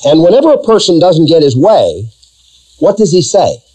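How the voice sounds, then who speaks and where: A pastor preaching to his congregation, driving his points home with emphatic rhetorical questions. His voice is a little high yet mellow, and it swings up and down with lively intonation. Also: normal speed, low-quality recording. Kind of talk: sermon.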